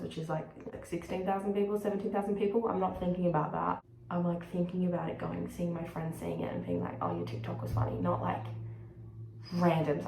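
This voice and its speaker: A woman's voice: lowish voice, a little mellow. A young woman with an Australian accent, chatting frankly and rambling to camera in a vlog. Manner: rambling, frank and sweary, shifts into quick put-on voices. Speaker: vlogger. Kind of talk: casual chat to camera. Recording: echoey room with faint background noise.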